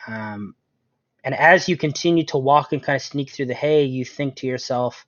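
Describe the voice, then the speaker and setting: A man's voice: mid-range voice, normal speed, a bit bright, no echo. A man narrating as game master of a tabletop game, in a chatty way with frequent ums and laughs. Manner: chatty, laughs often, fills with um. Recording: dull lo-fi sound, dry room.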